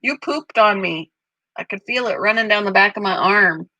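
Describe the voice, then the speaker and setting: A woman hosting a casual live stream from home, chatting with viewers and cooing at her pet parrot in a high voice. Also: normal speed, bright, forceful tone, a little hiss or hum, rough recording. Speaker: channel host. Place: home room.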